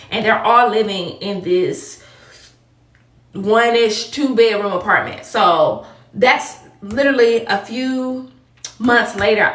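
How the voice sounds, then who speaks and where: A woman telling a personal story in a casual storytime monologue, animated and talking straight to her viewers. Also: fairly high pitch. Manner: animated, addresses viewers as y'all. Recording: echoey room, voice a bit far from mic.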